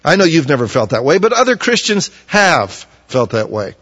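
A man preaching a sermon, acting out the prophets he quotes in loud, pleading bursts. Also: a little high, very animated, normal speed. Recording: muffled audio with long hall reverb.

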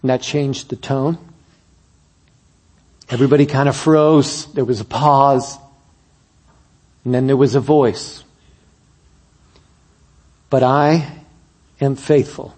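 A man preaching a sermon, telling a story that builds to emphatic peaks and drops to soft, quiet moments. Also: mid-range voice, fairly even intonation, a little slow, long pauses.

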